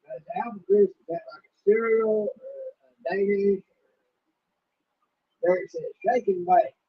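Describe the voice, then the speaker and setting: A man's voice: sits high, steady tone, unhurried. A man co-hosting a casual livestream, chatty and folksy, reading viewer comments aloud. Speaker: co-host. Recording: dull lo-fi stream audio.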